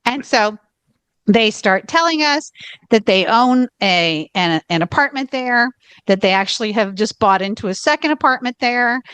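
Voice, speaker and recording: Woman podcast co-host, casual storyteller, slightly high voice, dry close mic. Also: normal speed, clean tone, no echo. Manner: lively storyteller with frequent laughs and restarts. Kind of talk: casual chat, telling a travel story.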